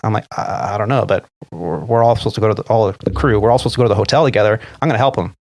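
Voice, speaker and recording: A man's voice: on the low side, racing, no echo. A middle-aged man, an airline pilot who co-hosts a podcast, telling a story casually and acting out the dialogue. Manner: animated retelling, acting out quoted dialogue.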